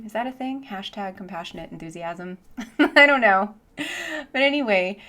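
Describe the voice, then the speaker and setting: A woman teaching English online, chatting casually in a vlog with lots of "like" and easy laughter, speaking into a boom headset mic from her home office. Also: fairly bright tone. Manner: chatty, says "like" often, laughs easily.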